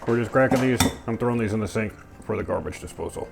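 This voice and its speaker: A fast-talking man with a voice on the low side gives casual, goofy narration while cooking at home, peppering each step with playful sound words. Heavy background noise fills the clip: music sits clearly under his voice, and pans clatter.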